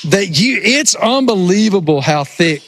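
A man with a rural Appalachian accent co-hosting a radio show from a remote line, talking in lively, self-mocking banter. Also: sits high, a little slow. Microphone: remote line over satellite internet.

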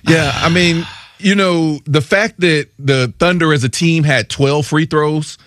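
A man on a sports radio panel talks through the numbers in a measured, steady way. His voice sits a little high. The studio sound is dry and close. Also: dry recording. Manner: measured, stat-driven. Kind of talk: sports talk analysis.

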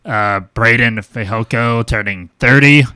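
A man's voice: mid-range voice, measured pace, bright, forceful tone, clear, resonant tone, no echo. A man co-hosting a sports talk show, reading out birthdays in a plain, hesitant way. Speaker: co-host. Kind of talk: casual sports chat.

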